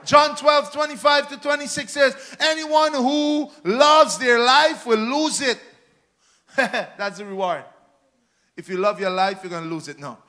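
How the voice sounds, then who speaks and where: A man with a very high voice preaches to a church, posing rhetorical questions and swinging dramatically from hushed words to shouting.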